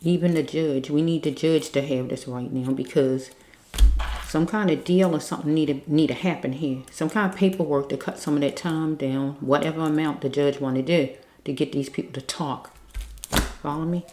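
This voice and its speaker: A woman's voice: sits low, steady tone, normal speed, mellow, roomy sound, slight background noise. A woman doing a spiritual card reading, talking earnestly and pleading, repeating herself and checking in with listeners. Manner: repetitive, keeps checking in with listeners. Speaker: card reader.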